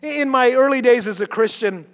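A middle-aged male pastor preaching a sermon, animated, often repeating and restarting his words and dropping to a hush for emphasis. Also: very high voice, normal speed, soft background music. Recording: long hall reverb.

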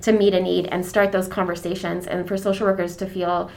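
A woman who leads a church's deacons, talking in a casual podcast conversation. She is effusive and warm-hearted about her subject, with many fillers and restarts. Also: fairly low pitch, level tone, fairly quick, vocal fry. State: getting emotional.

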